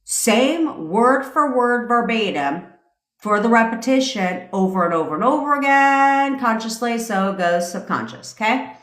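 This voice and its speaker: A woman's voice: a little high, animated, normal speed, fairly bright tone, reverberant. A woman hosting a casual live stream as a manifestation coach, ranting in a brash, profane way and laughing through her tangents.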